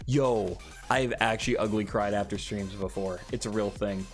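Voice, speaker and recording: A young man hosting a casual live stream, chatting with viewers and answering their comments, often jumping into high excited squeals. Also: normal speed, soft background music. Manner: animated, jumps into high excited squeals and laughs.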